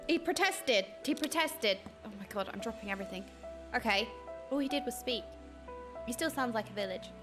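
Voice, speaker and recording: A young adult woman streaming a game, excitably commenting and reading quest text aloud. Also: mid-range voice, a little fast, long pauses, music in the background. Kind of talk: live gameplay commentary.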